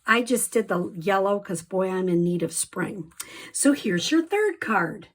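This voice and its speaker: Lady showing how to make a card, talks slow and easy, lots of ums, gets excited about the neat bits. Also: medium pitch. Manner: chatty, frequent ums, enthusiastic asides. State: slight allergy cough. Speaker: card-making demonstrator. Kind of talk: casual craft tutorial.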